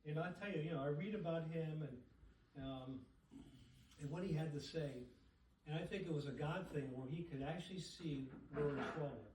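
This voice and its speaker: A man with a fairly high voice gives an animated talk at a dinner, putting questions to the crowd. He stands well back from the microphone in an echoey room. A soft hiss sits behind him. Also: normal speed. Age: middle-aged or older. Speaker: speaker at a society dinner. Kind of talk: public talk to a dinner audience. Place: banquet room with audience. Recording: echoey room, speaker far from mic.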